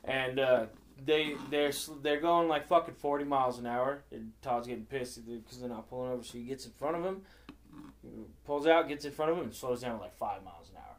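A man's voice: mid-range voice, brisk. A young man telling crude driving stories in a casual podcast chat, swearing freely and acting out quotes. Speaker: podcast co-host. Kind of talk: casual storytelling.

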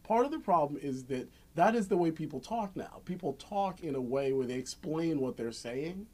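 A man co-hosting a podcast in casual chat, animated and laughing often as he jokes around. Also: a little high, moderate pace. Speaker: podcast co-host.

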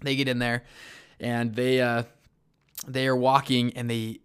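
A man telling a story in a casual interview, lively, with lots of fillers and restarts and acted-out quotes. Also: medium pitch, measured pace, smooth. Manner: animated, many fillers and restarts, acts out quotes. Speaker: guest recounting a search-and-rescue story.

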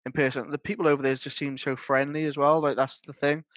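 Talking fast in a flat delivery, this podcast co-host has a slightly high, fairly bright male voice. He rambles through the casual conversation with plenty of fillers and restarts, and the recording is dry, dull and a bit lo-fi.

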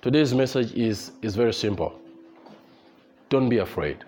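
A man's voice: medium pitch, animated, normal speed, mellow, a little hiss or hum. A man preaching a sermon as pastor, repeating his points emphatically and leading the congregation in prayer. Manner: emphatic, repetitive exhortation, leads congregation in prayer. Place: church service with congregation.

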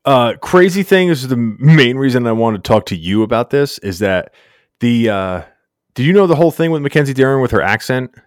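A man's voice: medium pitch, expressive, a little fast, dry recording, studio quality. A man co-hosting a casual sports podcast, laid-back and slangy, rambling through recaps. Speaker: podcast co-host.

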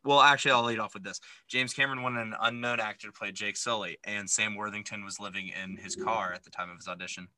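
A man co-hosting a movie podcast, talking in a very bright, forward voice. The sound is close and dry with no room around it. He is opinionated and animated, with plenty of ums and likes. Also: lowish voice, fast, hardly any pauses, dry recording, rough recording. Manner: opinionated, animated, lots of fillers. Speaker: podcast co-host. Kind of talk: casual movie recap chat.

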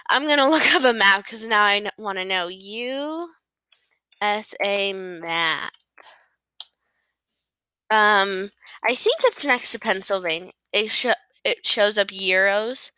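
A woman hosting a podcast, recapping a novel in a casual, rambling way. She is giggly, self-deprecating and quick to apologize. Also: mid-range voice, bright, forceful tone, clean tone, no echo.

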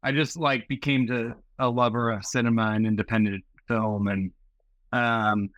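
A man's voice: medium pitch, normal speed, no room sound. A man in his forties from Seattle, talking casually and at length as a filmmaker guest in an interview, with many fillers. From Seattle, USA. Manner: rambling, filler-heavy, relaxed. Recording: muffled lo-fi audio.

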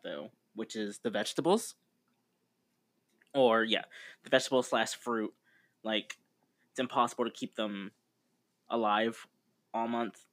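A man co-hosting a podcast, chatting casually in a rambling, laid-back way with frequent fillers. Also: mid-range voice. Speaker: podcast co-host. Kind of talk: casual chat.

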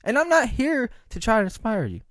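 A man's voice: extremely high pitch, wildly swooping pitch, brisk, a bit bright, dry recording, studio quality. A man talking to camera in a rambling, profane monologue, checking in with frequent "right?" asides. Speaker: vlogger.

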